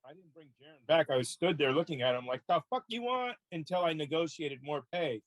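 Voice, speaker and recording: A man's voice: fairly high pitch, fairly quick, no room sound, rough recording. A man playing a tabletop game, chatting casually and slipping into broken English for his character. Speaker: player.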